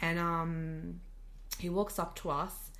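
An Australian woman, a podcast guest, telling a story in casual chat, animated and full of "like" fillers. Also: on the low side, slow pace. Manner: animated, many "like" fillers, laughs often.

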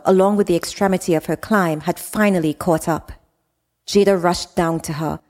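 A woman reading her own fiction aloud as steady, scripted audiobook narration. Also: lowish voice, in a large hall. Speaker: author and narrator.

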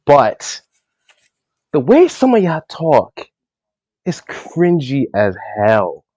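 A man's voice: medium pitch, wildly swooping pitch, very slow, darkish tone, no echo. A man co-hosting a casual chat show, talking bluntly and jokingly. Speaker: podcast co-host.

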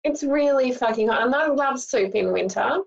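A woman's voice: sits high, moderate pace, vocal fry. An Australian woman co-hosting a podcast, talking bluntly and emphatically with plenty of swearing. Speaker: podcast co-host. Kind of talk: casual podcast chat. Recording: dull lo-fi mic.

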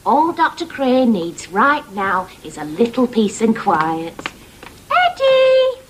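Cheerful sitcom caregiver, high lively woman's voice, slow and easy, noisy broadcast audio. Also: exaggerated voice. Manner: bright, soothing, lively. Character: cheerful young female live-in caregiver.

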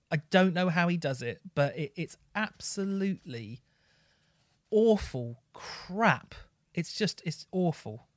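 A man's voice: on the high side, no room sound. A man trading sarcastic, mock-formal jabs at an album in casual podcast chat. The recording is dry and close, with no room sound. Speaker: podcast co-host.

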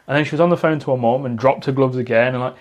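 A man at a middle pitch hosting a casual podcast interview. He talks easily and reflectively, and often chuckles along with the conversation. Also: rapid-fire, muffled recording. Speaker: podcast host.

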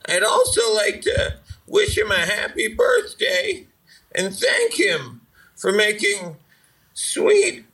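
A man voicing an older woman who leaves a tearful, wailing voicemail, shouting and sobbing as she talks. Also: high voice, huge pitch swings, slow pace, recorded from a distance, full character voice. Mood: overwrought. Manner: wailing, overwrought, shouting while crying. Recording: voicemail heard from afar.

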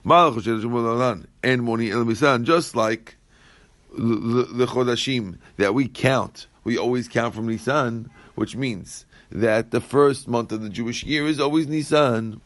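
A man teaching a Talmud class in a dry, close recording. He reads each Aramaic line and then explains it in plain English, and he often repeats phrases as he works through the text. His pitch sits in an ordinary middle range. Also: a little slow, a bit bright, dry recording.

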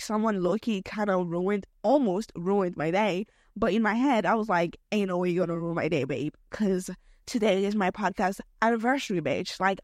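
A young woman hosting her own podcast, chatting casually in a slangy, expressive way that jumps between topics, recorded at home late at night. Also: medium pitch, no room sound, studio quality. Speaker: podcast host. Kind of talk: casual solo podcast chat.

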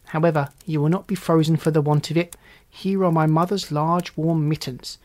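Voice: mid-range voice, steady tone, normal speed, darkish tone, close to an everyday voice. A reader doing a bossy, wild little robber girl.

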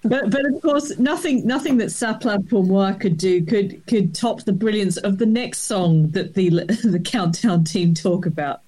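A woman's voice: mid-range voice, unhurried, hardly any pauses, mellow, low-quality recording. A woman co-hosting a casual podcast, teasing and blunt, giggling now and then. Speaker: podcast co-host. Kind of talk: casual chat.

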